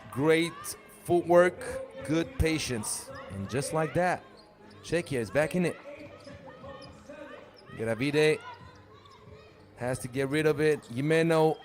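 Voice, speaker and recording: A man's voice: a little high, takes it slowly, pauses often. A man doing live play-by-play commentary for a basketball tournament, joking and chatting between calls. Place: arena at a live 3x3 tournament.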